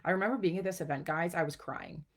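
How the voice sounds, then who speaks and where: A woman's voice: on the low side, quick pace, slightly rough. A young adult woman coaching viewers in a casual, upbeat teaching chat, often checking in with "okay" and "guys". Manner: upbeat, chatty, says "okay" and "guys" a lot. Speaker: personal growth coach.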